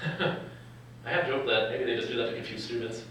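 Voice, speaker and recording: A man's voice: mid-range voice, moderate pace, bright, forceful tone, slight background noise. A young man from California, a doctor speaking to medical students at a live event, joking and chuckling often, recorded from far off in a lecture hall. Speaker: physician and medical educator.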